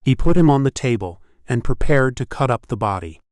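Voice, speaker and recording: A man reading an audiobook in scripted narration, steady and measured. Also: mid-range voice, no room sound, studio quality.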